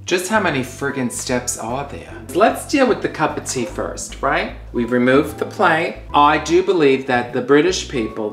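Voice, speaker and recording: A campy, theatrical man hosts a comedy tea-making demo, fussing over his dishes and tossing out exasperated, swearing asides. The kitchen sounds roomy and echoey, with faint music and clinking dishes behind him. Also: medium pitch. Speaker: comedy host. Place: home kitchen.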